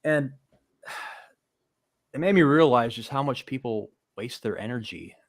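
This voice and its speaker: A man's voice: mid-range voice, animated, slow, no room sound, studio quality. A man hosting a casual chat show, rambling and loose, swearing now and then. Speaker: podcast host.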